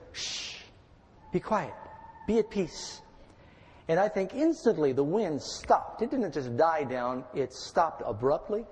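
Man preaching in a long-reverb hall. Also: fairly high pitch. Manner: calm, measured Bible teaching with dramatic readings. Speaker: pastor. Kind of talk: sermon.

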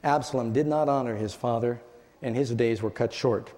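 A man's voice: normal speed, mellow. Dramatic preacher man in a big hall. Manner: dramatic storytelling, voice rising and dropping low. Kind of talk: sermon. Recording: long hall reverb.

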